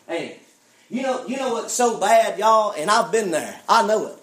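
A man's voice: high-pitched, expressive, normal speed, a bit bright. A man preaching a fiery sermon, calling out "friend" and asking "why?" while his congregation answers. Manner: preaching with call-and-response, repeats "friend" and "why?". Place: church. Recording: echoey church. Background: congregation calling amen.

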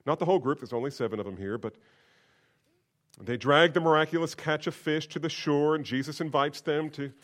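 A man, a senior pastor, preaching a sermon in an animated, conversational way with rhetorical questions. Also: on the high side, a little fast.

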